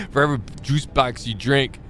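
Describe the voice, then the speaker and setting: A man streaming a trucking game, chatting casually and joking with his viewers, now and then jumping into high squeaky exclamations. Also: background noise. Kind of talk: casual live-stream chat while gaming.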